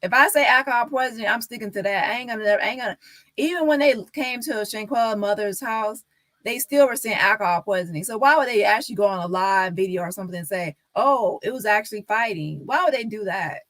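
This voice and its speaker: A woman's voice: mid-range voice, fast talker, a bit bright, no echo. A woman on a live stream talking casually and insistently to her viewers, repeating her points.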